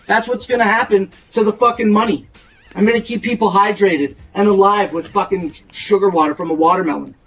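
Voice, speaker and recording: A man's voice: sits high, steady tone, a little fast. A man arguing his side in a podcast debate, defensive and swearing freely. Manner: profane, defensive, heated. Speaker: debate guest. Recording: distant, dull lo-fi mic.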